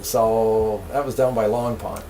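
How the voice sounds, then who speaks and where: A man's voice: on the low side, unhurried, vocal fry, a little hiss or hum. An older man, a retired railroad engineer, telling his stories in an interview with plenty of laughter. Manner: lively, laughing, animated storyteller. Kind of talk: storytelling interview.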